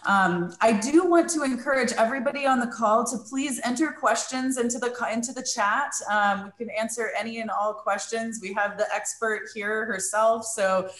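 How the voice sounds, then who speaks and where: A woman's voice: fairly high pitch, moderate pace, hardly any pauses, fairly bright tone. A woman hosting a virtual wine tasting, upbeat and encouraging questions from the audience. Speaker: host. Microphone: video call. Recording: echoey room on a call.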